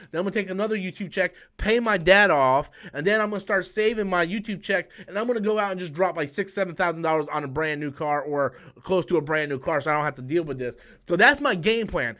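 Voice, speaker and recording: A young man with a high voice tells a long personal story straight to the camera. He rambles, swears freely and trips over his own restarts, like a casual vlog rant. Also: a bit bright. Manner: profane, rambling, with frequent restarts. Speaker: YouTube channel host.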